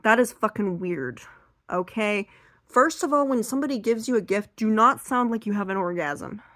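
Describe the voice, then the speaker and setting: A young woman talks through a stand-up set from a chair, her voice a little strained. She acts out family members and curses for emphasis, and her pitch sits in the middle. The sound is close and dry, with no room around it. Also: animated, moderate pace, a bit bright, no room sound. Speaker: stand-up comedian. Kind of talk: seated stand-up comedy monologue.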